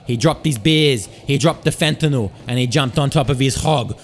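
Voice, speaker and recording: A man's voice: mid-range voice, normal speed. A man hosting a podcast, telling a comic story in a rambling, profane, hyped-up way. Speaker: podcast host. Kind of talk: comedic storytelling monologue. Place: Sydney.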